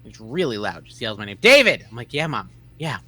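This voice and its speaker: A man's voice: fairly quick, husky, no echo. A man telling a funny story in casual podcast chat over a video call. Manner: animated, mimics his mother in a loud high voice. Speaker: podcast co-host.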